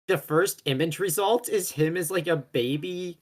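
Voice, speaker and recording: A man's voice: on the high side, a little slow. A young man co-hosting a casual sports podcast, rambling, stumbling over names and correcting himself as he goes. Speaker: co-host.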